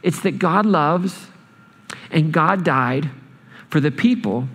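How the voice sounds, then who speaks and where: A man preaching a sermon, storytelling with lively changes of speed and emphasis in a church hall. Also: a little high, husky. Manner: animated storytelling, speeding up and slowing down. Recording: long hall reverb.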